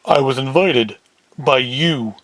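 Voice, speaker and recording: A man voicing a big, menacing male gangster from Chicago, who talks in a slow, terse and demanding way in a cold-read of a script. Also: medium pitch, a bit bright, no echo, voice pushed down.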